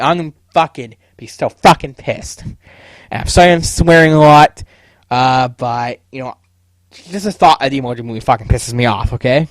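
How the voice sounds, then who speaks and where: A young man hosting his own podcast, venting in a loose, profanity-heavy rant. He often stumbles and restarts his sentences. His voice sits at an ordinary pitch, recorded dry and close. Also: moderate pace, no room sound. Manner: heavy swearing, stammering restarts. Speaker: podcast host. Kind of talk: casual solo podcast rant.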